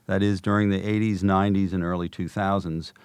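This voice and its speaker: Low-voiced man explaining data. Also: little pitch movement, fairly quick, a little mellow, clear, resonant tone, no echo. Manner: explains with numbers, frequent "you know" and "I mean" fillers. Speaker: demographer guest. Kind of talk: podcast interview answers.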